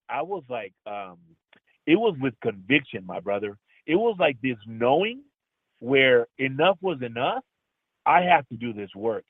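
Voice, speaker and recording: A man's voice: medium pitch, no echo. Earnest man over a tinny phone line. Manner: earnest and heartfelt, keeps calling the host brother. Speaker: guest, actor. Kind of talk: emotional personal storytelling in an interview.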